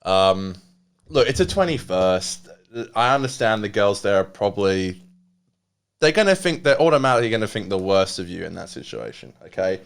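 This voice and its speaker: Animated, emotional man in his twenties. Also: fairly low pitch, moderate pace, creaky, smooth. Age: 20s. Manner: rambling, emotional, swears a lot. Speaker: podcast co-host. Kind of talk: casual comedic storytelling.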